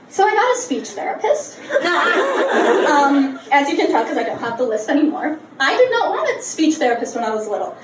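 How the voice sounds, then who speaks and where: A woman's voice: high-pitched, sing-song, fairly quick, noisy background. A young woman of about nineteen doing a live stand-up set in a bar, telling brash, profane, self-mocking stories. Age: young adult, about 19. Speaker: stand-up comedian. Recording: roomy, distant bar recording with loud ambience.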